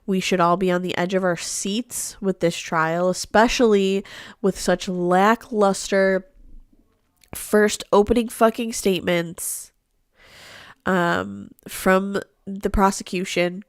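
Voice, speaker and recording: A woman's voice: medium pitch, fairly even intonation, slow pace, clear, resonant tone, no echo. Stuffy-nosed woman, dry close sound. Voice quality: nasal, stuffed-up. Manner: blunt, swears often, laughs while talking. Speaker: true crime livestream host. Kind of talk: casual livestream recap.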